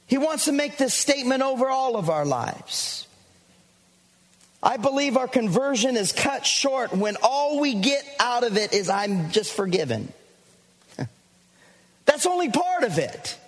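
A male pastor preaching a fervent sermon to his church, repeating lines and calling out to the congregation. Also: very high-pitched. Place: church sanctuary. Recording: long church reverb.

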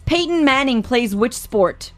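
A woman's voice: sits high, expressive, measured pace. A woman radio host reads out quiz questions and teases her guests in a playful, easygoing way. Faint music sits behind her. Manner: teasing, playful quizmaster. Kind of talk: casual radio banter.

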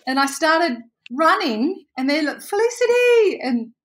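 Animated woman telling a story. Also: high-pitched, measured pace. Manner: animated, acts out quoted voices, laughs often. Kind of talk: casual storytelling.

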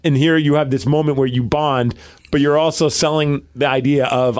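A man's voice: mid-range voice, normal speed, a little mellow. A man hosting a radio show, casually telling a funny anecdote from the station. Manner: chatty anecdote teller, laughs often. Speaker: radio host.

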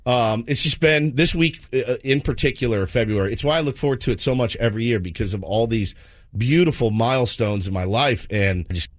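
A man's voice: mid-range voice, brisk, no room sound, clean studio sound. A man in his forties, a radio sports host, talking on air in an earnest, emotional way with many restarts. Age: 40s. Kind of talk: heartfelt on-air talk. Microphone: studio microphone.

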